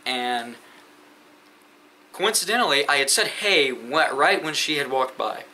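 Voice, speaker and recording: A teenage boy, a sophomore in high school, telling school stories in a rambling, profane way with many fillers. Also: animated, unhurried, bright, forceful tone, slight background noise, low-quality recording. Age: teens. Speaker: vlogger. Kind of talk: casual storytime rant.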